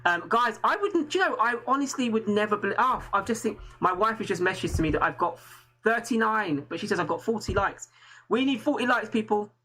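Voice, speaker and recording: A man's voice: sits high, lively intonation, fairly quick, sharp tone, poor audio. An English man hosting a live stream, talking earnestly in a rambling way with many restarts. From England. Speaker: host. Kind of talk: casual live-stream chat.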